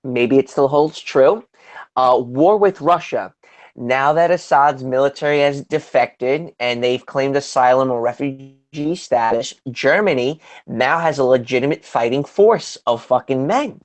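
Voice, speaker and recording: A man's voice: medium pitch, measured pace. A man co-hosting a casual group chat, talking in a blunt, profane, mocking way. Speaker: podcast co-host.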